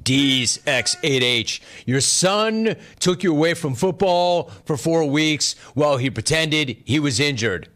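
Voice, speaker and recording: A man's voice: a little high, expressive, measured pace, few pauses, fairly bright tone. A man hosting a sports talk show, talking casually and sarcastically, often breaking into laughter while reading chat. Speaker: sports talk radio host.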